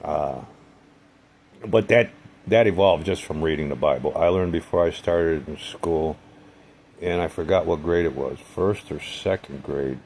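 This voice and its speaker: A man's voice: extremely low pitch, measured pace, darkish tone, a little hiss or hum. A man telling a personal story in a casual monologue, rambling and digressive, with a sardonic sense of humor. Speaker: vlogger.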